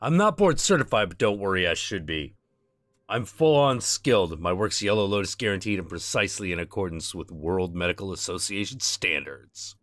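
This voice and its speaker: A man's voice: sits low, lively intonation, normal speed, a bit bright, dry recording. A man voicing a cheerful, hungover cyber-doctor in his forties with a loose Midwestern accent, his words piling together. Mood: boastful.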